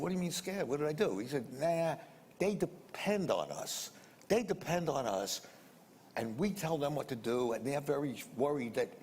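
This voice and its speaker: A man's voice: medium pitch, darkish tone. Older male interviewee, rambling anecdotal storyteller, reverberant room, light noise. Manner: rambling, colloquial, repeats sound words.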